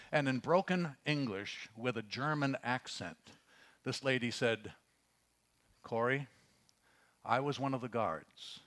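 A pastor preaching a sermon, reading scripture and telling stories, dropping to a hush and then rising for emphasis. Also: male voice, medium pitch. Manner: earnest preaching, swings from hushed storytelling to raised emphasis; reads scripture aloud, with fillers and restarts.

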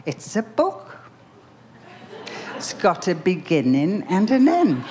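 A woman's voice: on the low side, huge pitch swings, slow, noisy background, heavily acted. A woman doing a blunt Liverpool street kid. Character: tough 13-year-old Liverpool gang boy.

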